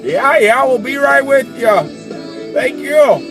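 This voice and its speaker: A man's voice: extremely high pitch, slow. A young man from Canada, goofing around in a comedy sketch with exaggerated exclamations. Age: young adult. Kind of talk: comedic sketch banter with a put-on Canadian manner. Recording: music playing underneath.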